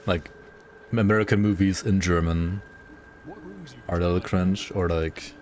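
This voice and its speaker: A man's voice: low voice, fairly even intonation, measured pace, a little mellow, a little hiss or hum. A young man chatting casually on a gaming livestream, rambling, swearing freely and laughing often. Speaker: gaming streamer.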